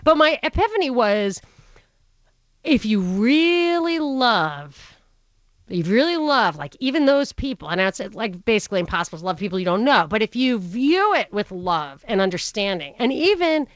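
Animated, rambling woman talk-show host. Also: fairly high pitch, normal speed, no room sound. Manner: animated, rambling with many restarts. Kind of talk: casual chat.

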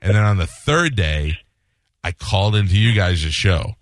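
A man's voice: low voice, lively intonation, measured pace, no room sound, studio quality. A middle-aged man, a radio host, telling stories in a casual interview and acting out the voices he quotes.

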